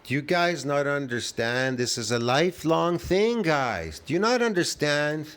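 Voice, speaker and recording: A man's voice: fairly high pitch, lively intonation, a little slow, a bit bright. A man doing a mocking impression of a boastful, arrogant aging gym guru who brags in an exaggerated way.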